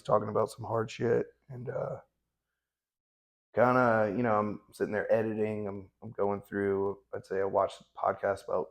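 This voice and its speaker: Gravelly, low-voiced veteran man. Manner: blunt, matter-of-fact, with frequent restarts. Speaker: veteran guest, Navy corpsman. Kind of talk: candid conversational storytelling.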